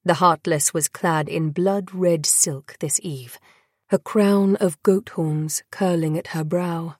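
A woman reading a dark fantasy audiobook in a measured, dramatic narrating style. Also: on the low side, dry recording, studio quality. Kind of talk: scripted narration.

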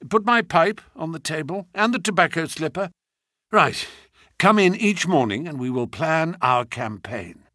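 A battered detective lies injured, speaking in a low, hoarse, near-whispered mutter, as a man puts him on in an audiobook reading. The voice is husky and quiet, yet still moves around in pitch as he gives orders. The recording is dry, with no room sound. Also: animated, measured pace, no echo, full character voice. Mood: quietly commanding. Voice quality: hoarse weak whisper-like murmur. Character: injured male detective, weak, hushed, scheming.

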